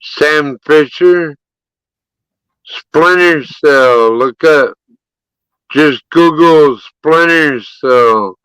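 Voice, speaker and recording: A man moderating a live stream, chatting casually in a slow, laid-back drawl. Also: a little high, a bit bright, clear, resonant tone, dry recording, rough recording.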